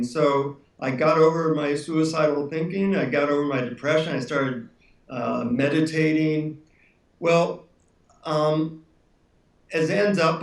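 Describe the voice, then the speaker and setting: A man's voice: on the high side, recorded from a distance. A middle-aged man, a self-help author being interviewed, telling a personal story in an earnest, reflective way. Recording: roomy, off-mic sound.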